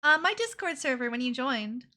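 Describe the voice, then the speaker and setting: A playful woman chats loosely with her viewers while she draws, drifting into hummed nonsense syllables. Her voice sits a little high and sounds bright and crisp. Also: animated, moderate pace. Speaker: VTuber streamer. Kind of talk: casual livestream chat while drawing.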